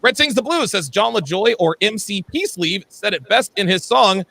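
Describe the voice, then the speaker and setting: A man hosts a livestream panel, reading viewer messages aloud and reacting with excitement and frequent swearing. His voice is bright and forceful, and it leaps up and down as he talks. He sits a little higher in pitch than most men. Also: normal speed, gravelly, few pauses. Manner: loud, excitable, swearing freely. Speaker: livestream host reading super chats. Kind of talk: casual panel chat.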